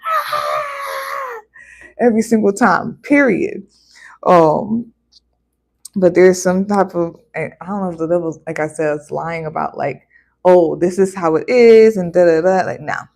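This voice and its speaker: A woman giving a casual tarot card reading, chatty and animated, breaking into exclamations and playful voices. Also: fairly low pitch, normal speed, creaky.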